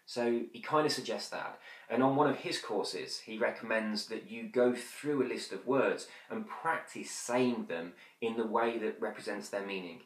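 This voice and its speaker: A man teaching hypnosis in a quick, chatty way with many fillers, now and then slowing to a soft, drawn-out demonstration. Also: on the low side. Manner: drops to slow whispery demonstrations. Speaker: hypnosis instructor. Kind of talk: conversational teaching. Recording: roomy echo.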